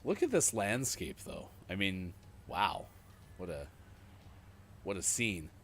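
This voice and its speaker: Man, gaming morning show co-host, animated pitch swings, casual banter, faint noise behind. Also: slow. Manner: animated, laughing, reads out chat comments. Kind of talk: casual chat while playing a game.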